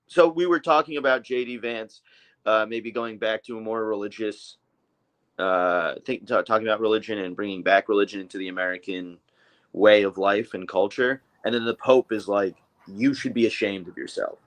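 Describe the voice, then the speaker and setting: Man chatting in halting restarts. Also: on the low side, rough recording. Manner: rambling, halting, many fillers and restarts. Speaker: co-host. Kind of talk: casual political chat.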